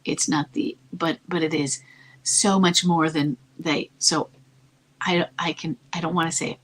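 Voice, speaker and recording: A woman speaks low and a little husky as she gives marriage advice. Her delivery is soft and calm, sometimes near a whisper. She sounds earnest and reassuring throughout. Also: a little slow, rough recording. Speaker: marriage coach answering a listener's question. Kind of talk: advice talk.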